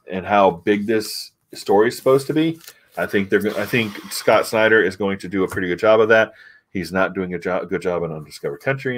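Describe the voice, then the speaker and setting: A man's voice: on the low side, slight background noise. A man hosting a casual comic book review, recapping chattily with fillers.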